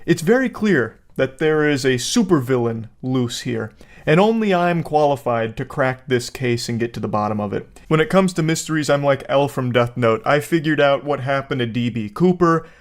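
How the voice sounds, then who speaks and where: A man hosting a casual video commentary, rambling through jokes and mock-serious asides. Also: medium pitch. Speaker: commentary host. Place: Florida home.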